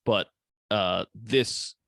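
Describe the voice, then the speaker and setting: A man's voice: fairly low pitch, extremely slow, vocal fry, fairly bright tone, no room sound, clean studio sound. A man co-hosting a podcast in easygoing casual chat, swearing now and then. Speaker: podcast co-host; second grade teacher.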